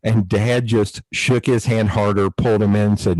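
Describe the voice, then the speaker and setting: A man hosting a podcast, telling family stories in a casual, animated way and laughing often. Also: fairly low pitch, normal speed, no echo, poor audio. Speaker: podcast host. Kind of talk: casual storytelling chat.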